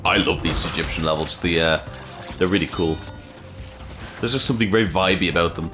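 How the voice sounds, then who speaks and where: A man's voice: low-pitched, fairly quick, pushed and bright, faint music behind. A man hosting a let's play, chatting casually and swearing freely while he plays. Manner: rambling, swears freely, self-correcting. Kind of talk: casual gameplay commentary.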